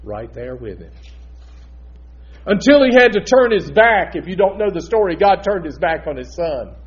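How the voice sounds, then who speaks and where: A male pastor delivering a sermon, shifting between loud emphatic preaching and quiet, intimate asides. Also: high voice, big pitch swings, moderate pace, muffled recording.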